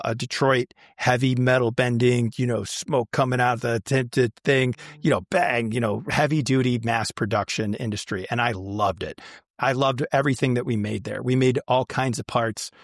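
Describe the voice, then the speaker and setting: Man, casual storyteller, chatty with lots of fillers, mid-pitched, dry close sound. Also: dry recording. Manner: chatty, many fillers and restarts. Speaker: guest.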